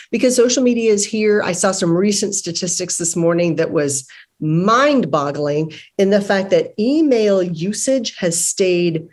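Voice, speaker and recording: A middle-aged woman hosting a business webinar, talking conversationally and acting out little dialogues as she tells stories. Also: medium pitch. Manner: conversational, animated storytelling with acted-out dialogue. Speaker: business consultant and webinar host. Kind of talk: webinar presentation.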